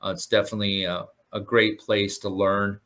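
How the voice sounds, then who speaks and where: A man's voice: lowish voice, little pitch movement, normal speed, fairly bright tone. A man who works as a surf instructor, speaking earnestly and gratefully in a casual interview, with many fillers and restarts. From Southern California.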